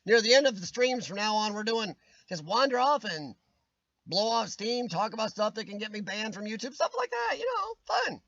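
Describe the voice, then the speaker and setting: A man's voice: sits high, normal speed, fairly bright tone, dry recording, lo-fi sound. A man hosting a casual live-stream chat, ranting with strong opinions and answering viewers' comments by name, his voice starting to wear out. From United States. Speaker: livestream host reading chat.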